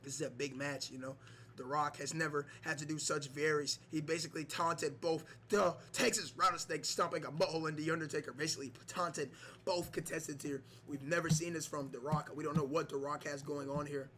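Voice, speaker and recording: A man giving mock wrestling play-by-play over a video game, excitable, with many fillers and shouts on big moves. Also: on the high side, brisk, slight background noise. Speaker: gameplay commentator.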